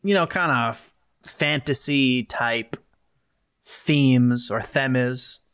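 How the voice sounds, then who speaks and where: A man's voice: medium pitch, extremely slow, a bit bright, clear, resonant tone. A man co-hosting a casual retro-games podcast, talking in a rambling way with many fillers. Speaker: podcast co-host. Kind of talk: casual chat.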